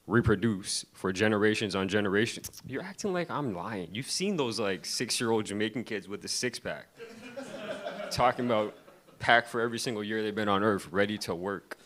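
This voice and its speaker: A man's voice: fairly low pitch, fairly bright tone. A young man doing a loose, crowd-baiting stand-up set on a comedy club stage, laughing between his lines. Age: young adult.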